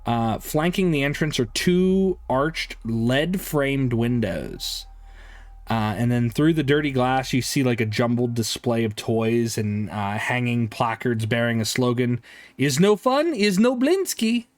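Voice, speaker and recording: A man's voice: mid-range voice, a little slow, dry recording. A man narrating a tabletop game as game master, loose and rambling with many fillers.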